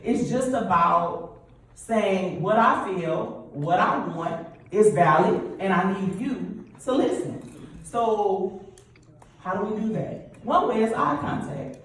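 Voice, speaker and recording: A middle-aged woman giving a lively motivational talk at a church event, often asking the audience questions. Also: mid-range voice, slow pace. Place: church hall. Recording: roomy echo, distant mic, faint hum.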